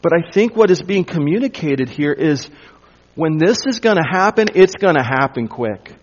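A male pastor working through scripture in a sermon, pressing his points with emphasis and sinking to a quiet hush when he wants them to land. His voice sits a little high. The recording is dull and lo-fi. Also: lively intonation, moderate pace. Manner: emphatic, drops to a hush for weight. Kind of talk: expository sermon.

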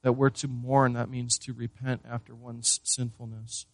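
A man's voice: mid-range voice, little pitch movement, normal speed, dry recording. A man preaching a sermon as pastor, earnest, often repeating words and asking the listeners questions.

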